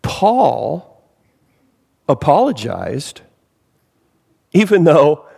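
Gravelly pastor preaching in a hall. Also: male voice, mid-range voice, moderate pace. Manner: animated, acts out quoted voices, wry asides. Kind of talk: sermon. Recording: long hall reverb.

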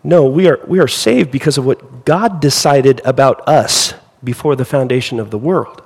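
A man preaching a sermon with lively rhetorical questions to his congregation. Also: medium pitch, moderate pace, breathy edge, in a large hall, rough recording. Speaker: pastor.

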